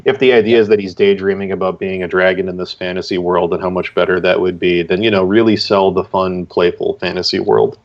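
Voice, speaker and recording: Deep-voiced man giving comic critiques. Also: flat delivery, brisk, hardly any pauses, lo-fi sound. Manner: enthusiastic, repeats "really, really" for emphasis. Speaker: guest judge. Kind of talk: casual live-stream art critique.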